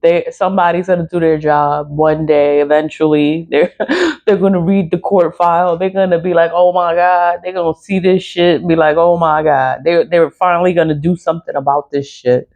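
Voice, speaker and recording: A woman's voice: lowish voice, steady tone, brisk, a little mellow. A woman venting in a casual vlog, ranting and swearing, breaking into laughs between outbursts. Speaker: spiritual practitioner.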